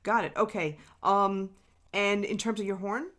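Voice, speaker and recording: A woman's voice: medium pitch, measured pace, fairly bright tone. A woman hosting a casual interview podcast, asking questions with short affirmations and hesitant fillers. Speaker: podcast host.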